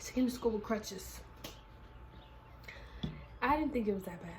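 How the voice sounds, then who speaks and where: A woman vlogger telling a casual storytime in a slangy, animated way. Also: mid-range voice, a little slow, heavy background noise.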